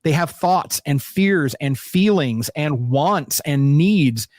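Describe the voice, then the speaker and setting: A man co-hosting a fan podcast, his voice sitting a little high. He talks in a lively, joking, profane way. The sound is close and dry with no room around it. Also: slow, dry recording. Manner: animated, profane, jokey fan talk. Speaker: podcast co-host. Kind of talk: casual chat.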